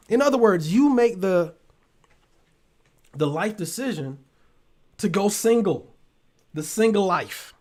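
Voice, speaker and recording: A man's voice: high voice, lively intonation, slow, pauses often, darkish tone. A man hosting a casual live-stream talk show, loose and profane with laughing asides.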